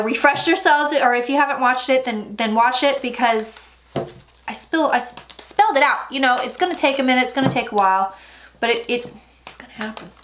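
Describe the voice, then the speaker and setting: High-voiced chatty woman psychic. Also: fairly bright tone, slight background noise. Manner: chatty, emphatic, drifting into murmured asides. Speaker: psychic tarot reader. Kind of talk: casual tarot reading vlog.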